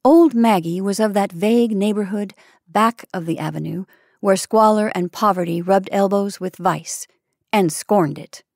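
A woman's voice: mid-range voice, a little slow, gravelly, darkish tone, dry recording. Woman reading a story, dry close sound. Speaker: story reader. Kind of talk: scripted narration.

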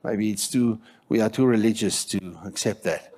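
A South African man preaching a sermon in church, telling stories with animated acted-out voices and shouting for emphasis. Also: on the low side, moderate pace. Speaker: pastor.

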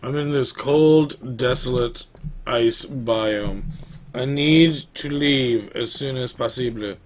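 A man's voice: mid-range voice, takes it slowly. Young guy rambling through his game, mid voice, bit of click noise behind. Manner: chatty, rambling, talks to his dog. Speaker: gaming YouTuber. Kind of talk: casual let's-play commentary.

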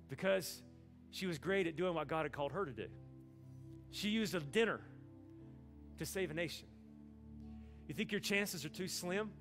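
Brief: preacher, folksy and funny, fry-heavy voice, faint music underneath. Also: male voice, sits high, fairly bright tone. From Alabama. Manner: folksy, humorous storytelling with acted-out dialogue. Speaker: pastor. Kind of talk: sermon.

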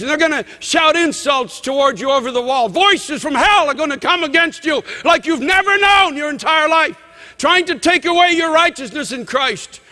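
A man preaching a fervent sermon as pastor, shouting and quoting scripture. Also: extremely high pitch, long reverb tail.

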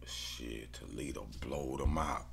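A man's voice: a bass voice, slow pace, gravelly, fairly bright tone, slight background noise. A man thinking aloud about his football bets in casual slang, often muttering to himself. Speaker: sports bettor.

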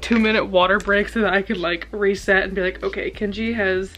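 Her voice is medium-pitched, steady and fairly bright, and she talks a little fast over poor audio with slight hiss or hum. This young woman records a casual reading reaction vlog at home on a camera on a stand, gasping, shrieking and swearing freely as she reacts live to a book.

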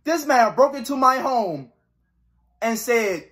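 A man's voice: extremely high pitch, animated, slow, fairly bright tone. A young man giving joking, swearing horror game commentary, reading the game text aloud. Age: young adult. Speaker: gaming YouTuber.

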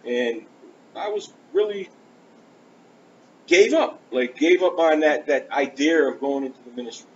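A man's voice: a little high, measured pace, long pauses. Earnest man preaching a testimony. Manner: earnest, animated, acts out conversations. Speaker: preacher giving his testimony. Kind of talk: storytelling sermon. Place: church. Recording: dull lo-fi church recording with faint hiss.

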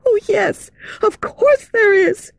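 A woman reading aloud and voicing a frightened, secretive young ballet girl in a high, hushed voice. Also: slow pace, gravelly, no room sound, full character voice. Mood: urgent. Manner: hushed, urgent, fearful.

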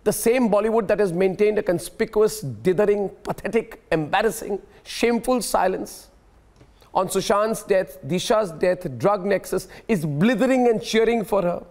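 Forceful male news anchor. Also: high voice, moderate pace. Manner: forceful, combative, repeats himself. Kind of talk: heated TV debate moderation.

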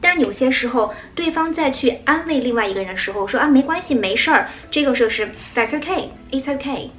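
A woman English teacher explaining English phrases in a brisk, explanatory way and acting out example lines. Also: sits high, animated, a bit bright, slight background noise. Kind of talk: explaining English usage in Mandarin.

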